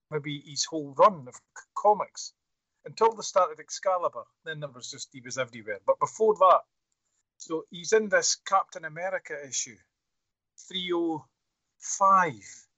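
A husky man talks in a rambling, enthusiastic way, restarting his sentences as he goes. His voice sits a little high, in a dry, slightly dull recording. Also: sharp tone, dry recording. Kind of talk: casual chat.

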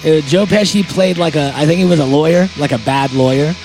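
A man's voice: a little high, fairly quick, darkish tone. Rambling man hosting a podcast, guitar behind. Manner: rambling, joking, laughs mid-sentence. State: high. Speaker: podcast host. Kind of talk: casual podcast chat reading sponsor spots.

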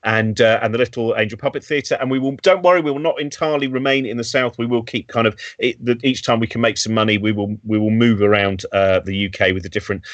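Male host, mid-pitched, halting and repetitive, dry home video call sound. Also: fairly even intonation, dry recording, lo-fi sound. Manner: hesitant, repeats words while introducing guests. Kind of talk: live stream hosting. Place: his own home.

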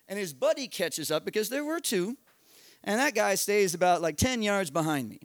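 A middle-aged American man tells a comic story live, rushing through run-on sentences with profanity and self-mockery. His voice sits high, and the sound is close and dry with no room echo. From United States. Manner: animated, profane, self-mocking, builds tension with quick run-on narration. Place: live storytelling event at a bar.

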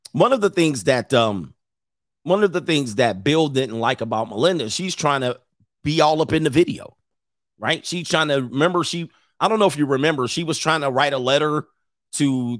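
A man hosts a casual livestream in mid pitch. He is an animated storyteller who laughs often and reads out viewer comments between stories. His voice sounds close and dry, with no room echo. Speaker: host of a livestream show.

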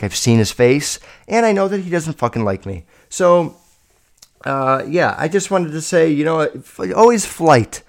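A man in his twenties hosting a solo podcast, telling stories in a rambling, profane, animated way. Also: on the high side. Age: 20s. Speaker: podcast host. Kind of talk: casual solo podcast storytelling.

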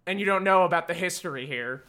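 A man's voice: high-pitched, fast talker, pushed and bright. A young man hosting a podcast, chatting in a wry, rambling way. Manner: wry, rambling, frequent laughs and hedges. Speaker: podcast host. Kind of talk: casual podcast chat.

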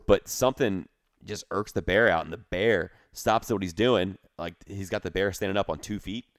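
Slangy low-voiced man telling stories. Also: moderate pace, no echo, studio quality. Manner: rambling, slangy storytelling with lots of "dude" and "bro". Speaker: podcast co-host. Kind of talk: casual podcast chat.

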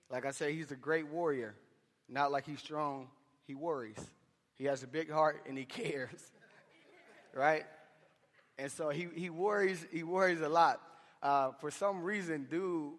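A man with a high voice preaches a sermon, speaking in an impassioned, conversational way with slangy asides. His voice carries through a large church hall, trailing a long reverb behind every phrase. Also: measured pace.

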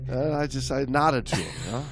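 Animated man telling a comic story. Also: mid-range voice, fairly quick, vocal fry, a little hiss or hum. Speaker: podcast co-host. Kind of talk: comedic storytelling.

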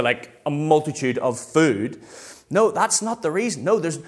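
Lively preaching man, animated pitch. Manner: lively, conversational preaching with acted-out quotes. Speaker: pastor. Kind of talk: sermon.

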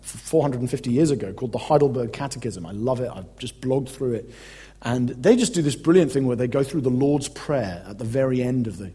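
A man's voice: medium pitch, mellow, breathy edge. A man preaching a conversational, emphatic teaching sermon as a pastor. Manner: conversational, emphatic, reads quotes aloud.

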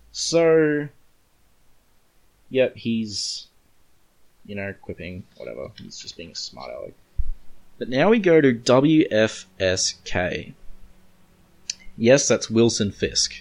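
An Australian man casually recapping and reviewing a comic book issue in a chatty, rambling way. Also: lowish voice. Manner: chatty, rambling, reads comic lines aloud.

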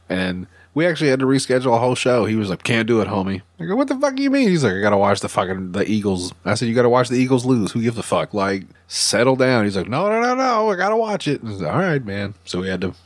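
A man hosting a casual podcast chat, swearing a lot and telling stories with loud mocking quotes. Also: on the low side, fairly quick, few pauses, dry recording. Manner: profane, animated storytelling with loud mock-quotes. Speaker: podcast host.

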